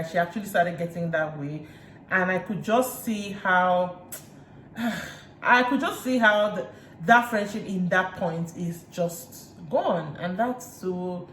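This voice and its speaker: A Nigerian woman recapping reality TV in a chatty way, retelling scenes with lively asides. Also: on the low side. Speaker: reality TV reviewer. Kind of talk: casual recap chat. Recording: roomy room echo, faint hiss.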